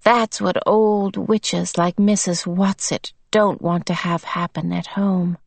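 Creepy monotone possessed boy, slow and deliberate, storybook villain, read by a woman. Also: fairly low pitch, gravelly, dry recording, exaggerated voice. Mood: lecturing. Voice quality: monotonous, flat. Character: possessed little boy, cold, sinister, monotonous.

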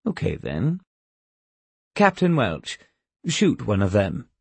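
A cold, amused villain, read by a man, speaking slowly with quiet menace and a husky tone. The pitch swings widely for emphasis while the recording stays dry and close. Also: no room sound, heavily acted. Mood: calm menacing. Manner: calm, menacing, sardonic. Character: cold, amused male villain seizing command.

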